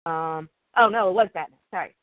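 Recapping a comic issue in a casual, rambling way, this reviewer reads the dialogue aloud without flourish. The mid-range voice moves briskly, and the dry recording has a tinny, phone-like quality.

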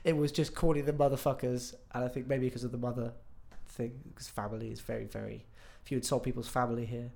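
A man's voice: mid-range voice, level tone, gravelly, a little mellow. A man, a guest musician on a podcast, chatting casually and telling stories full of asides and self-corrections. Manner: rambling storyteller, quick asides and self-corrections.

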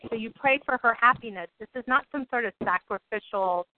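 A woman's voice: on the high side, fairly quick, slight background noise. Woman teaching over a tinny call. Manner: animated, acts out inner monologues. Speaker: spiritual teacher leading a group call. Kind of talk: casual group teaching call. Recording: tinny phone-line audio.

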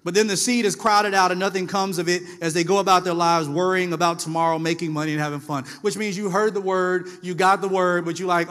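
A man's voice: high-pitched, a little fast, hardly any pauses, in a large hall. A man preaching a sermon in a loose, conversational way, telling stories and acting out people's lines. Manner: conversational, animated storytelling with voiced asides. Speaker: pastor.

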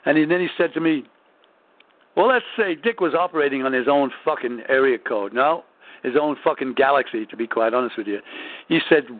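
A man's voice: medium pitch, animated, a little fast, no echo. A man rambling through a profane, casual story with lots of swearing and restarts. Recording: tinny phone-like audio.

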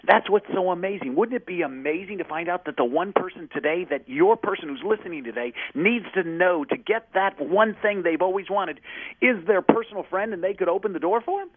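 A man's voice: sits high, fairly quick, no room sound. A man speaking as an interview guest, passionate and emphatic, acting out the lines of people in his stories. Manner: passionate, emphatic, acts out quoted dialogue. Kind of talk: energetic motivational interview talk. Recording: husky voice over a tinny phone-like line.

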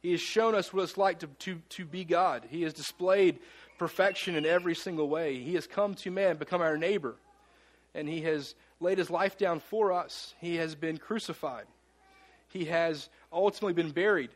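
Earnest preaching man, higher voice. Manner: earnest preaching with dramatic pauses and slowed emphasis. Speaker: pastor. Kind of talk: sermon. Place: church sanctuary.

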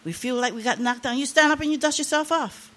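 A woman's voice: high voice, quick pace, a bit bright. An older woman preaching a sermon, sharing an emotional testimony with rising, impassioned emphasis.

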